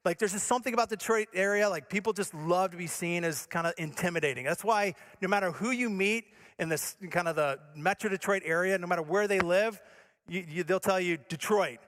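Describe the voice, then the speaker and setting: A male pastor from Michigan, USA, preaches a sermon at a brisk clip. He's earnest and direct, moving between emphatic points and soft, low passages.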